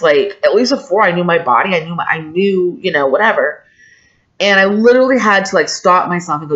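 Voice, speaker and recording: A woman's voice: on the low side, animated, a little fast, fairly bright tone. A woman in her forties talking candidly and emotionally in a personal vlog, rambling with restarts. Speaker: vlogger. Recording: dull lo-fi home recording.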